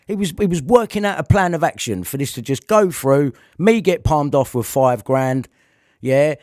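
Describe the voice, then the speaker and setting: A man's voice: medium pitch, darkish tone, no room sound, studio quality. A man delivering a heated, repetitive rant to camera, swearing often. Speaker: vlogger.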